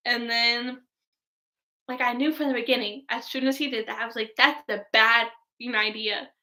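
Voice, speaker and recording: A young woman vlogger chatting casually about a movie, gushing and excitable, filling her talk with "like". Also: a little high, moderate pace. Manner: gushing, heavy use of "like", excitable fangirl tone. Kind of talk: casual movie review chat.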